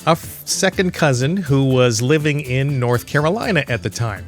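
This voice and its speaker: A man's voice: mid-range voice, animated, normal speed, few pauses. A man from Michigan hosting a gaming channel, telling a casual, rambling story with chuckles and restarts. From Michigan, USA. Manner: rambling, chuckling, self-correcting. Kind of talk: casual storytelling over gameplay. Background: faint video game music.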